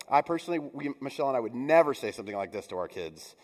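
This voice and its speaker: A man's voice: medium pitch, expressive, very fast, few pauses. A middle-aged man giving a sermon as pastor, conversational, with playful asides and mock voices. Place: church sanctuary. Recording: long church reverb.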